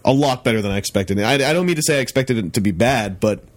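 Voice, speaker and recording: A man's voice: mid-range voice, quick pace. Casual man recapping a fan convention. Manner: animated, quotes people in put-on voices. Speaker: podcast host.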